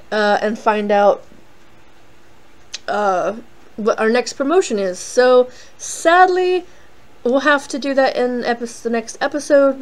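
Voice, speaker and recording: A woman's voice: a little high, rough recording. Rambling woman narrating her gameplay. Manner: rambling and self-deprecating, heavy on fillers like "like" and "um". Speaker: let's play host. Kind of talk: casual game commentary.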